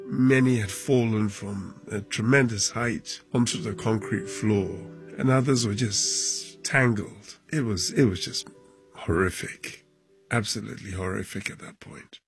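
A man, a football club chairman, recounting events in a documentary interview, halting and emotional, his voice dropping low at times.

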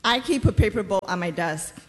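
Woman in her 30s doing stage storytelling, wry and measured, echoey hall sound. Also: medium pitch, lively intonation, background noise. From New York. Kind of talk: live personal storytelling. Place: theater stage. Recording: roomy theater reverb.

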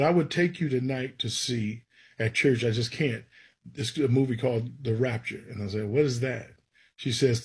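A man's voice: mid-range voice, husky. A man, a gospel songwriter, telling stories from his life in an interview and acting out the people he quotes. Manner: animated storyteller who acts out quotes. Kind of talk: storytelling interview.

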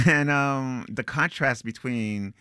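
A man's voice: mid-range voice, slow pace, fairly bright tone, smooth, no room sound, clean studio sound. A man reading aloud from his novel and then talking about it in an interview, thoughtful and searching for words. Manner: thoughtful, with ums and restarts when speaking freely.

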